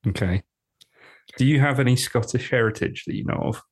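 A man co-hosting a podcast in casual chat, rambling, repeating himself and quick to joke. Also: mid-range voice, slightly rough. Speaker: podcast co-host.

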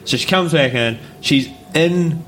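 A man's voice: fairly high pitch, unhurried, slight background noise. A man, co-hosting a podcast and telling a story casually, laughing and acting out voices as he goes. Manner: animated, laughs often, acts out voices. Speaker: podcast co-host. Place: live recording with audience.

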